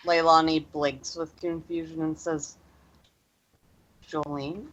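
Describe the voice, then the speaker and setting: A woman playing a tabletop game who narrates her character in a slow, expressive way. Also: sits low, very noisy. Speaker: player. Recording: dull lo-fi stream audio.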